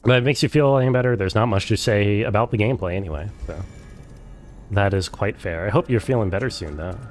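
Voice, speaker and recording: A man's voice: lowish voice, quick pace, slight background noise. A man streaming a game, chatting casually with viewers, sarcastic and swearing freely. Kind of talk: casual live game commentary. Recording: game music playing behind the voice.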